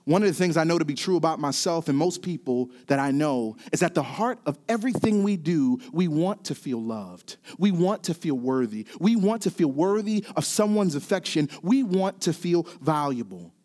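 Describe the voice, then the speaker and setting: High-voiced preacher, man. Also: lively intonation, normal speed, few pauses. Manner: swings from quiet to rising, emphatic repetition. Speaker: pastor. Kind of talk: sermon.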